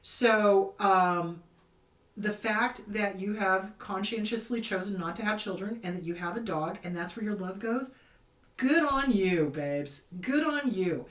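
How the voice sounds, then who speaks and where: A woman's voice: medium pitch, unhurried, a bit bright. A woman therapist hosting a show, giving casual advice in a blunt, emphatic way and repeating her key points. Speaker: therapist host answering viewer questions. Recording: roomy echo, mic at a distance.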